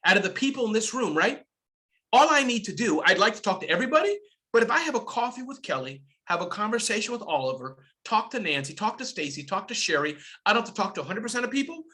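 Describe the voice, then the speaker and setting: A middle-aged man giving an energetic webinar talk, exclamatory and animated, swinging between loud bursts and soft asides. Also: high-pitched, quick pace. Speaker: guest speaker.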